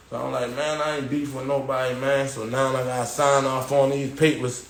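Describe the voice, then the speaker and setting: A man casually telling a long story on a live stream, dropping "yo" and "boom" as he goes and acting out the voices of others. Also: brisk, gravelly, hardly any pauses, echoey room. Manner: animated retelling, acting out quoted guards and inmates with raised pitch; slangy, repeats "yo" and "boom". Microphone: phone.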